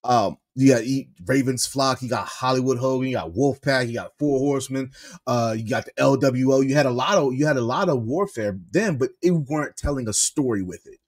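A man co-hosting a wrestling review podcast, chatting in an animated way and laughing often. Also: mid-range voice, a little fast. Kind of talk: casual podcast chat.

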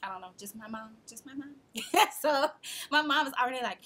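A woman in her twenties telling a personal story to camera in a casual, animated way, acting out the people she quotes and laughing often. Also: high voice, fairly quick. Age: 20s. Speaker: vlogger.

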